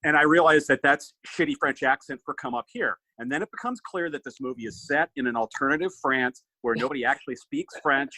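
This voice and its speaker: A man hosting a podcast, riffing on a movie in an animated, swearing, casual chat. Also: mid-range voice, a little fast, few pauses, dry recording, poor audio. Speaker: podcast host.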